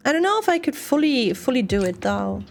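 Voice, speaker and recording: A young woman with a non-native English accent chats to her stream as she works on a model kit, rambling and laughing easily. Her voice sits a little high, and soft music plays faintly behind her. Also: very animated, brisk, vocal fry. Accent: non-native English speaker. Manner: chatty, rambling, laughs often. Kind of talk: casual chat while model building.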